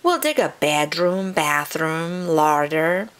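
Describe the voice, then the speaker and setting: A woman voicing a small, helpful female chipmunk with a squeaky, eager voice in a children's storybook reading. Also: animated, slow pace, fairly bright tone, exaggerated voice. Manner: chirpy and eager.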